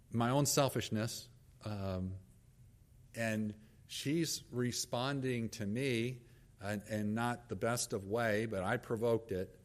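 A middle-aged male pastor preaching, telling a story about his wife and kids and acting out their lines of dialogue. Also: medium pitch. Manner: storytelling, acts out quoted dialogue. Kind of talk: sermon with personal story.

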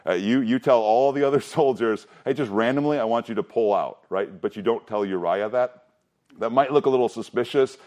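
Man, pastor, casual sermon delivery with rhetorical questions and quick acted asides. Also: lowish voice, a little mellow. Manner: conversational, asks rhetorical questions, laughs often.

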